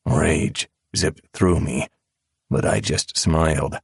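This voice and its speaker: A man narrating a dark audiobook in the first person with a calm, measured drawl. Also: extremely low pitch, creaky, husky, no room sound, clean studio sound. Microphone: close studio mic.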